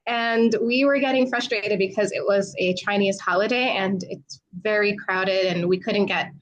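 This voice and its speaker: A woman's voice: mid-range voice, moderate pace, dull audio. A woman from New York, a podcast guest telling a story in casual chat, laughing often and acting out what people said. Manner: laughs often, animated retelling with quoted voices. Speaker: podcast guest, travel creator.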